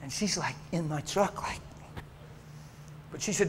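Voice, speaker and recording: A man preaching a sermon as he tells a story, dropping to a hush and rising to a shout. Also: fairly high pitch, normal speed, long pauses, slight background noise.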